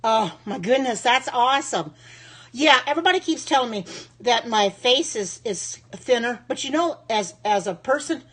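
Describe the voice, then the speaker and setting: A woman's voice: on the high side, animated, normal speed, a bit bright, slightly rough. Chatty woman in her sixties, live-streaming. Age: 60s. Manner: chatty, reacts to viewer comments aloud; devout, thankful. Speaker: home cook live-streaming. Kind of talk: live-stream chat with viewers.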